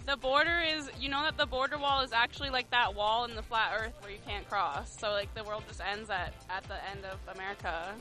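A woman's voice: a little high, fairly quick, few pauses, sharp tone, faint music behind. A woman speaking as a radio guest in casual chat, playful and joking, often laughing.

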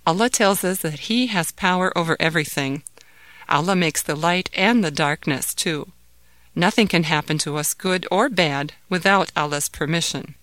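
A woman voicing a gentle, loving mother who soothes and patiently explains to her son in a storybook reading. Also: lowish voice, moderate pace, no echo, close to an everyday voice. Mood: explaining. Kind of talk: storybook read-aloud.

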